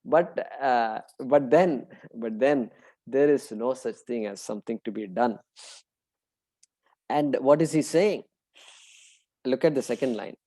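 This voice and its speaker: A middle-aged man leads a scripture class in a relaxed, conversational way. His voice sits at an ordinary middle pitch. He talks loosely with plenty of fillers and slows down to chant Sanskrit terms. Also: rough recording. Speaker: Vedanta teacher.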